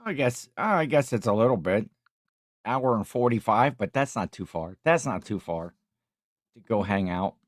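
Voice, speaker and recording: This tired middle-aged livestream host has a lowish, animated voice at a moderate pace, recorded with clean studio sound and no room noise. He chats loosely and jokes around while working through viewer comments.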